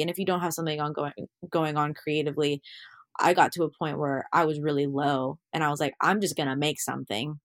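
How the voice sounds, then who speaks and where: A woman's voice: deep voice, fairly even intonation, brisk, no echo, clean studio sound. A young woman, an actor, chatting candidly as a guest, full of fillers and quoting herself as she tells stories. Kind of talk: casual interview chat.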